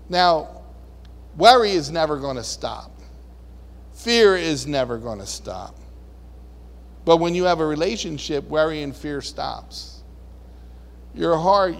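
A man preaching a sermon in a folksy, animated way, now and then acting out voices and shouting. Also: on the high side. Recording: long reverb of a large hall.

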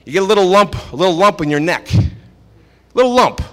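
A man's voice: high voice, animated, quick pace, fairly bright tone. A man preaching a sermon at a church service, emphatic and repeating phrases for stress. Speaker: pastor. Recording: echoey hall with long reverb.

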